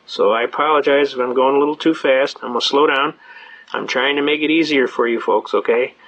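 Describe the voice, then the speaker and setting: A man giving a lecture at a quick pace, telling a folksy story and acting out the dialogue. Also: medium pitch, fairly bright tone. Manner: rapid, folksy, acts out dialogue. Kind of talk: fast-paced lecture with storytelling. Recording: dull lo-fi remastered lecture tape.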